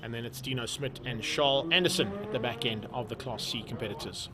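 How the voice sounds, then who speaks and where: A man's voice: quick pace, crowd noise. A man giving live motorsport commentary, lifting his voice when the race gets going. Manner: rises in pitch and volume when the racing starts.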